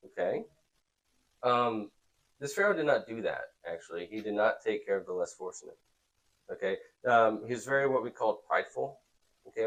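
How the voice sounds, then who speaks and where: A man teaching a youth Bible class in a relaxed, conversational way, often checking in with the students. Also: on the low side, rough recording.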